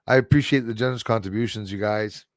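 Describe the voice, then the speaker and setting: A man's voice: on the low side, fast, dry recording, studio quality. Rambling Quebecois man hosting a live stream. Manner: rambling, reads out and answers viewer comments. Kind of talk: casual live stream chat.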